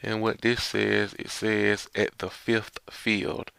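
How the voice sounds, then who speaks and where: A man's voice: fairly low pitch, completely flat delivery, slow pace, vocal fry, pushed and bright, clear, resonant tone, dry recording. A man reviewing a manga chapter in a casual, rambling way, reading the dialogue aloud in his own plain voice. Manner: rambling, stop-start, reads dialogue aloud without doing voices, chuckles.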